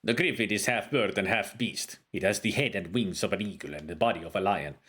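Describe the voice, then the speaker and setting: A man voicing a scholarly male desert wizard in a game, reading slowly and deliberately in a put-on foreign accent. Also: on the low side, fairly bright tone, breathy edge. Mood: earnest.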